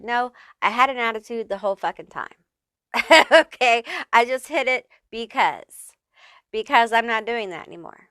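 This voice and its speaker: A woman's voice: on the high side, normal speed, fairly bright tone, clear, resonant tone, no echo, studio quality. A woman giving a casual pick-a-card tarot reading, chatty and reassuring, who swears freely and keeps checking in with "okay?" and "honey.". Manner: reassuring, affirming. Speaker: tarot reader.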